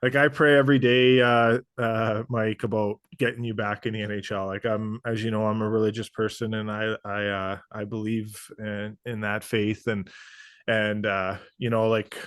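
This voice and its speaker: A man hosting a podcast, speaking earnestly and haltingly, with many pauses and restarts. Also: on the low side, little pitch movement, a bit bright, clear, resonant tone, no echo. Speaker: podcast host. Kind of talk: casual interview chat.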